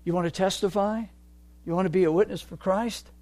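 A man preaching a sermon, moving from quiet reflection to loud, fervent exhortation. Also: sits high, fairly even intonation, a little fast, dry recording.

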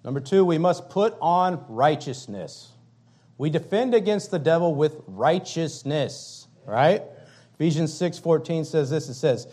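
A pastor preaching a fiery sermon, emphatic and repetitive, swinging between loud declarations and quiet, low passages. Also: male voice, animated, measured pace.

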